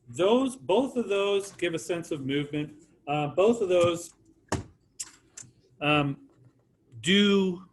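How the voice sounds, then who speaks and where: Upbeat male art teacher, slightly high. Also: slight background noise. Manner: encouraging, informal, addresses students by name. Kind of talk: classroom teaching.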